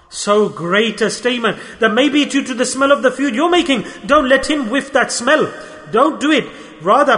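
A man's voice: high-pitched, bright, forceful tone. A man preaching an impassioned sermon, repeating phrases and acting out the voices in his stories. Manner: impassioned, repetitive, acts out quoted voices. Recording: long hall reverb.

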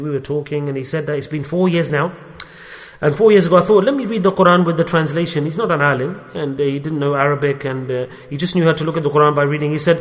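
A man's voice: sits high, a bit bright. A man delivering an earnest religious sermon, telling stories to make his points. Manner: earnest storytelling with frequent religious terms. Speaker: preacher. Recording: long hall reverb.

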